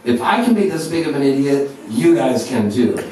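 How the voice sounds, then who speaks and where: A man in his fifties, a folk singer telling an animated, self-mocking story to a live audience between songs. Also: medium pitch, moderate pace, a crowd in the background. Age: 50s. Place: live music venue. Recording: very echoey live room, distant recorder, guitar. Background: guitar.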